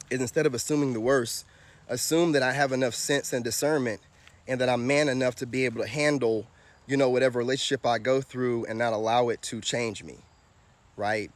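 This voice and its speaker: A man giving a preachy livestream monologue as a spiritual vlogger and tarot reader, full of rhetorical questions. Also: medium pitch.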